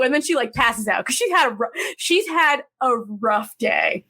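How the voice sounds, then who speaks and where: Animated woman recapping a drama. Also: high-pitched, moderate pace. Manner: animated storytelling, acting out characters' lines. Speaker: podcast co-host. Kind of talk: casual chat.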